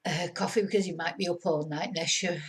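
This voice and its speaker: A middle-aged woman gives a relaxed spoken lesson. She talks in a chatty, meandering way, full of fillers and small laughs. Her voice sits a little low. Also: quick pace. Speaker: Spanish teacher on own channel.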